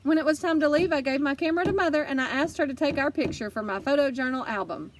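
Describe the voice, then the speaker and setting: A woman narrating a children's audiobook in first person, lively and expressive. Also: high voice, fast, far from the mic, slight background noise. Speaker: audiobook reader.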